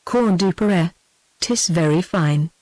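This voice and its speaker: A synthetic British woman's voice reading the part of a brash, boastful young man in armor, in an even text-to-speech delivery. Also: on the low side, a little slow, no room sound, close to an everyday voice, low-quality recording. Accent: British English.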